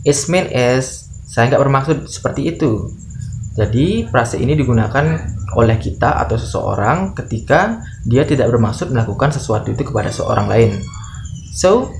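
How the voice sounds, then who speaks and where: A man's voice: mid-range voice, lively intonation, normal speed, slight background noise. Indonesian-accented man teaching English phrases. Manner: reads each example phrase twice, then translates it. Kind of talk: bilingual language lesson.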